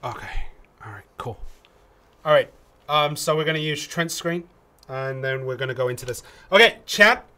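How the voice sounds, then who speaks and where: Bright-voiced man hosting a game tutorial. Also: mid-range voice, animated, normal speed. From England. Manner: chatty, many ums and restarts. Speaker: community manager co-hosting a game tutorial stream. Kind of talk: casual livestream tutorial chat.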